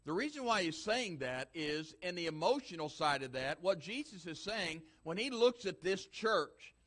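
A man's voice: high-pitched, sing-song, moderate pace, a bit bright. A man preaching a sermon as pastor, emphatic and repetitive, building force through repeated lines.

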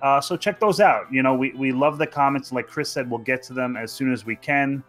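A man's voice: medium pitch, a little fast, fairly bright tone, faint music behind. A man co-hosting a casual podcast chat, talking hesitantly with fillers and trailing phrases. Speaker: podcast co-host.

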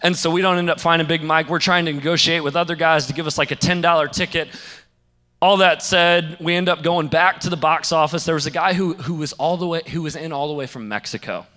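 A young man preaching a sermon, telling a story in a lively way and acting out the other people's lines. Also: fairly high pitch, a little fast, in a large hall. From St. Louis area. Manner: animated, acts out quoted voices. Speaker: pastor.

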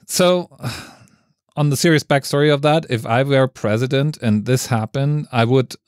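A man's voice: mid-range voice, normal speed, darkish tone, no room sound, clean studio sound. A man debating on a casual podcast, answering with jokes and then earnest points. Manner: light-hearted, joking answers, then earnest.

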